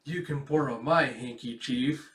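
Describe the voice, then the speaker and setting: A man's voice: medium pitch, a little slow, fairly bright tone, lightly acted. A man voicing a small, blunt, scheming girl with a childish sing-song voice. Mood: childlike. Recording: echoey room.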